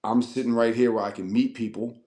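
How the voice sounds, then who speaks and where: A man in his forties from Annapolis, Maryland, telling stories as a guest in a casual interview, profane and animated, acting out the voices of people he quotes. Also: medium pitch, a little fast. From Annapolis, Maryland, USA. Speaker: guest rapper.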